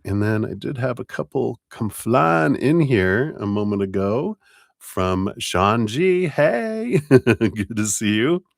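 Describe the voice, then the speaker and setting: A man's voice: on the low side, lively intonation, slow pace, gravelly, dry recording, studio quality. A man hosting a live tarot stream, casually greeting viewers by name and thanking them.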